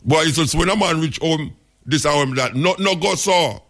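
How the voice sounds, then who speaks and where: A man's voice: fairly high pitch, normal speed, a bit bright. Jamaican man in a radio monologue. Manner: storytelling in Jamaican patois, emphatic. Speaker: radio host.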